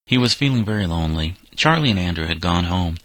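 A man reading a scripted story aloud in a measured, steady way. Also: sits low, dry recording, low-quality recording. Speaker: narrator.

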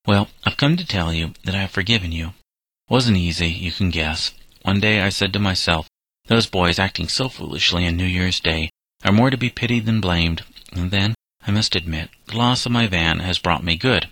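Man reading as a gentle old florist, deep and dry. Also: moderate pace, no room sound, poor audio. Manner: gentle, earnest storytelling delivery. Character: elderly male florist, gentle, forgiving, humble.

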